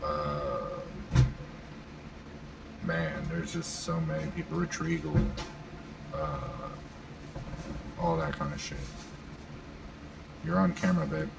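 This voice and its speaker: A man's voice: fairly high pitch, huge pitch swings, takes it slowly, vocal fry, pauses often. A man hosting a live panel, talking casually and rambling with lots of fillers while he addresses the crowd. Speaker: panel host. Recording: distant mic with loud room noise.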